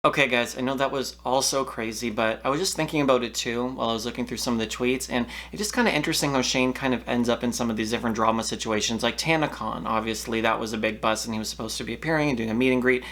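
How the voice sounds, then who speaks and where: A man's voice: mid-range voice, fast talker, few pauses. A man hosting a commentary video, reading posts aloud and giving his own thoughts in a casual way. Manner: reads quoted posts loudly, then talks casually with fillers. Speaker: commentary channel host.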